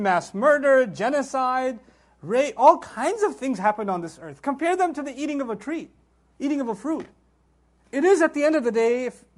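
Animated high-voiced man giving a religious talk. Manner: animated storytelling, rhetorical questions. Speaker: Islamic speaker.

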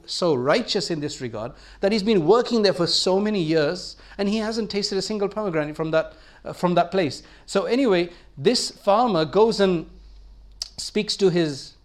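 A man preaching in a storytelling way, acting out the speakers in his tale with lively voices and frequent restarts. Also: on the high side. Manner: animated storyteller, acts out dialogue, frequent restarts. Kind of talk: storytelling religious talk.

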